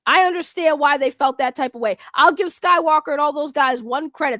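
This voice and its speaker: Female commentator, high voice, animated and profane, dry close sound. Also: brisk, few pauses, no room sound. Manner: animated, profane, laughing, incredulous. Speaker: YouTube commentator. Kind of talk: casual commentary chat.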